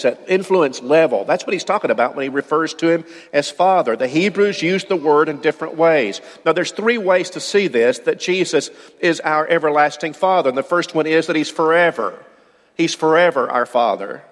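A man's voice: a little high, in a large hall. A man preaching a sermon, earnest and given to repeating words as he builds a point.

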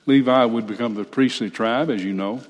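An older man preaching a sermon, reading scripture slowly and breaking off for folksy, blunt asides. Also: mid-range voice. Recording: reverberant hall.

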